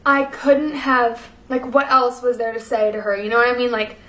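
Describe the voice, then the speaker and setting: A woman's voice: a little high, level tone, normal speed, fairly bright tone. Chatty young woman in an echoey room. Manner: chatty, many fillers, tearful and laughing. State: emotional, close to tears. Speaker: vlogger. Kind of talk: casual storytelling.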